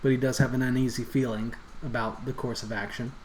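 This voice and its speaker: A man narrating as game master in a loose, conversational way, often pausing with "uh" and "you know". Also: mid-range voice, flat delivery, a little mellow, slight background noise.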